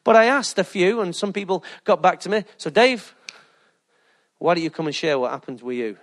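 A man, a pastor preaching a lively sermon full of funny anecdotes and laughter. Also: high-pitched, normal speed. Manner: jokey, animated storytelling with laughter.

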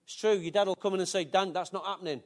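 A man's voice: high-pitched, steady tone, fast. An older man, preaching a sermon in a chatty, joking way with asides to the congregation. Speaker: pastor.

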